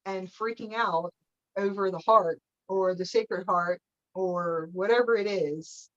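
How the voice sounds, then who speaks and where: A woman's voice: medium pitch, takes it slowly, fairly bright tone, muffled recording. A woman leading a live spiritual teaching session, meandering through her points, often checking in with "okay?" and breaking into playful laughter.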